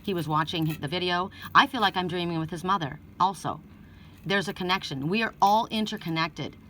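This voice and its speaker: A woman's voice: lowish voice, brisk, pushed and bright, far from the mic, slight background noise. A woman giving an oracle card reading, telling personal stories in an earnest, rambling way and often restarting sentences.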